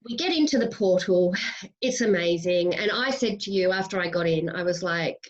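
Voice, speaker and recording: A woman's voice: lowish voice, expressive, normal speed, dull audio. An Australian woman hosting a podcast interview, talking in a gushing, chatty way and giggling often. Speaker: podcast host. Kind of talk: casual interview chat.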